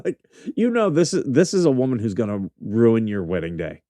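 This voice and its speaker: A man's voice: medium pitch, big pitch swings, a little fast, dark tone, no echo, studio quality. A man hosting a casual news commentary show, blunt and mocking, swearing freely as he reacts to clips. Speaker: host.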